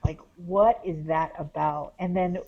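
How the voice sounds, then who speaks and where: A woman's voice: lowish voice, steady tone, measured pace, vocal fry, lo-fi sound, background noise. A woman, a paranormal investigator, talks casually as a podcast guest, rambling with many fillers as she tells a story. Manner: rambling, heavy on "like" and "um".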